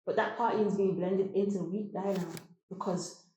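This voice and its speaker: A woman's voice: medium pitch, moderate pace. Laughing woman in an echoey room. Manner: animated, laughing while telling stories. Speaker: podcast guest. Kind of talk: emotional personal storytelling.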